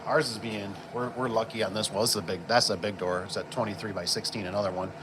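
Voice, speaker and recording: A man's voice: on the low side, steady tone, fast. A man who installs garage doors, chatting casually and rambling with lots of fillers while he works with tools on a job site. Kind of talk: casual work vlog chat. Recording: work-site background noise with vehicles.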